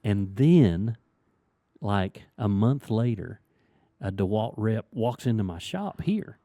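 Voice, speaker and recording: A middle-aged man with a lowish, mellow voice, recorded close and dry. He hosts a relaxed chat and tells stories with energy, putting on the voices of the people he quotes. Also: slow pace, dry recording. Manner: lively storyteller who acts out quoted voices. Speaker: podcast host and sticker shop owner. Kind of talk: casual storytelling chat.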